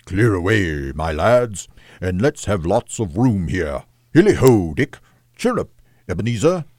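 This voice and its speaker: A jolly, stout old boss, played by a man reading a storybook calls out heartily to his apprentices. The voice is deep and mellow, and the sound is dry. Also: very animated, a little slow, no echo, heavily acted. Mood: jovial. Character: jovial, plump old male employer.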